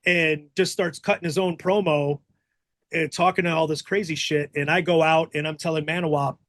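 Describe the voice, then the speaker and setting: A middle-aged man telling a story on a podcast, animated and profane, jumping into the voices of the people he quotes. His voice sits a little high for a man. It is recorded close and dry, with no room sound. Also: moderate pace, no echo. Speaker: podcast host. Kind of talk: casual storytelling.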